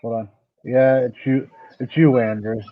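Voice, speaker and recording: A man's voice: medium pitch, level tone, unhurried, no room sound. A man hosting a casual online panel, teasing and swearing freely. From United States. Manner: teasing, profane. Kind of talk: casual group chat. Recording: muffled, dull online audio.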